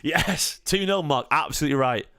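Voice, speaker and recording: A man hosting a live football watchalong, chatty and jokey, quick to get excited. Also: a little high, no room sound, studio quality. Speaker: fan channel host.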